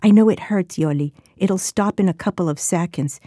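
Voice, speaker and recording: A woman reading aloud, voicing a gentle, protective young man who is an older brother. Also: on the low side, normal speed, no room sound, clean studio sound, lightly acted. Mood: soothing. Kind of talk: reading a novel excerpt aloud.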